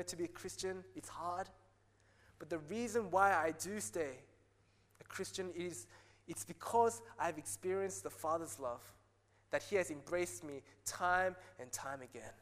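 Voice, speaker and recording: A man preaching a sermon as pastor, earnest, rising to excited peaks and dropping soft again. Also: sits high. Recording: long hall reverb.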